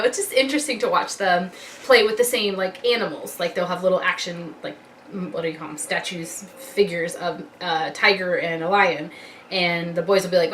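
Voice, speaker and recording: A woman's voice: medium pitch, a bit bright. Young woman, mom vlogger, casual rambling chat; distant mic, faint noise. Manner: chatty and rambling, loses her train of thought.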